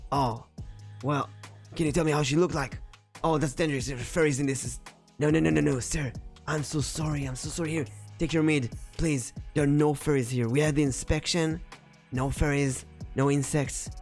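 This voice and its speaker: Un uomo che fa un gestore di taverna agitato e pieno di scuse. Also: male voice, fairly high pitch, fairly even intonation, a little mellow, faint music behind, close to an everyday voice. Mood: flustered. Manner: flustered, fast, apologetic. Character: fussy male tavern business manager.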